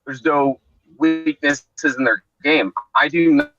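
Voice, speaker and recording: A man's voice: fairly high pitch, slow pace, a bit bright, faint music behind. A man on a remote call to a sports podcast, talking casually and rambling with many restarts, over a dull lo-fi connection.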